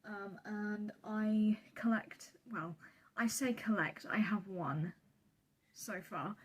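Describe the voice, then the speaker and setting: A woman's voice: medium pitch, slow pace, slightly rough. A young woman, chatting casually and laughing at herself while vlogging a trip on her phone. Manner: chatty, giggly, self-deprecating. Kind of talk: casual travel vlog. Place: train, busy streets and hotel room. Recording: noisy street and train background.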